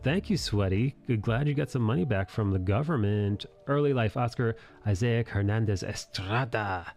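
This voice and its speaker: A man's voice: fairly low pitch, normal speed, few pauses, a little mellow. A man hosting a live art stream, chatting casually in a rambling, jokey way and thanking viewers. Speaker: streamer host.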